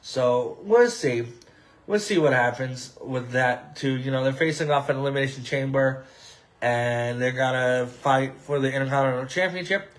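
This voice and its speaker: A man's voice: medium pitch, moderate pace, poor audio. A man hosting his own podcast, chatting casually and rambling with many fillers, restarts and upbeat asides. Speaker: podcast host.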